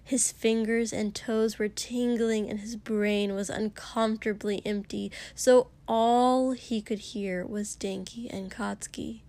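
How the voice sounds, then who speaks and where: A woman narrating fiction in a soft, hushed voice, often near a whisper. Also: mid-range voice, steady tone, slow pace, few pauses. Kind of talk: audiobook reading of fiction.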